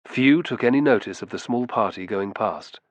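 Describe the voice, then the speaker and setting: A man with a fairly low voice narrates a historical audiobook in a steady, measured way. His voice sits close to the mic in a dry, dead room with no echo. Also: lo-fi sound. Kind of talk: scripted narration.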